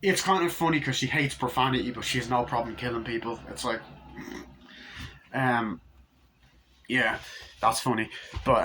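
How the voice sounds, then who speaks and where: A man chats loosely through a movie review, with plenty of profanity and filler. He acts out scenes as he goes. His voice is bright and forward, sitting in a middle pitch. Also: breathy edge. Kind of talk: casual, unscripted review.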